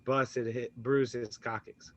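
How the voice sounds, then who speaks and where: A man co-hosting a podcast, talking in an excited, rambling way. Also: mid-range voice, takes it slowly, highs cut off, a little hiss or hum. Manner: excited, rambling fan talk. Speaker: podcast co-host. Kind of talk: casual chat.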